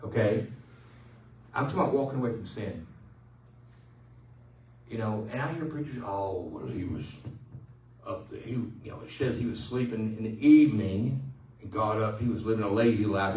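A male pastor preaching a sermon in a loose, conversational way, joking and pausing for the congregation to answer. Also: lowish voice, dark tone, echoey room, far from the mic, a little hiss or hum, rough recording. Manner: conversational, joking, with call-and-response. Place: church sanctuary.

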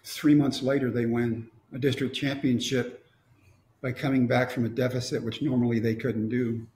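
Gravelly middle-aged man, wry storyteller, echoey room. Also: medium pitch, level tone, normal speed, a little mellow. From Texas. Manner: wry, storytelling with quoted dialogue. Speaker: motivational speaker. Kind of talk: storytelling talk.

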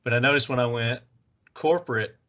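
A man with a Southern Tennessee accent hosting a casual podcast interview and asking relaxed follow-up questions. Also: mid-range voice, brisk. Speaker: podcast host. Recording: lo-fi dull audio.

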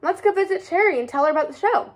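A woman's voice: very high voice, expressive, fast, voice pushed up. A woman reading aloud and voicing an eager, upbeat young girl in a children's storybook.

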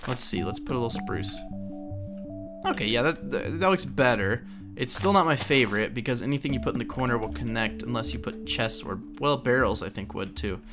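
Young male gaming host from Oklahoma, easygoing mid-pitch voice, loose thinking-aloud commentary over background music. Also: lively intonation, a little fast. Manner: chatty, thinking aloud while building, self-correcting. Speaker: Minecraft let's play host. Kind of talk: casual gameplay commentary.

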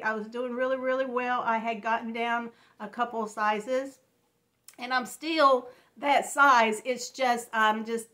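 A woman in her fifties talking through tears in a personal home vlog, halting and restarting often. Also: a little high, fairly bright tone. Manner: halting, tearful, many restarts. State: crying. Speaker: vlogger.

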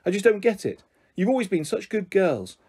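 A man's voice: high-pitched, very animated, normal speed, a little mellow, slightly rough, pitched above the performer's own voice, exaggerated voice. A man doing an exasperated scolding father. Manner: scolding, disappointed. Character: stern, exasperated father scolding his twin daughters.

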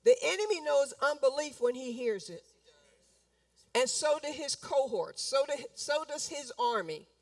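High-voiced woman preaching from a distance. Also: expressive, unhurried, dry recording. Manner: emphatic and repetitive, acting out complaints in quoted voices. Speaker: pastor. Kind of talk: sermon. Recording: speaking from a distance from the mic.

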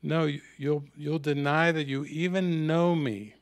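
A man voicing a calm spiritual master, speaking quietly and matter-of-factly in a retold scene. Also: fairly high pitch, measured pace, no echo.

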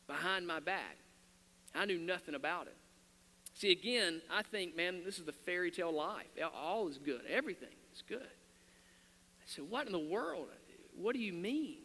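A man's voice: high voice, sharp tone. A man, a pastor, telling his personal story in an earnest sermon, often restarting his sentences. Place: church sanctuary. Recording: long hall reverb.

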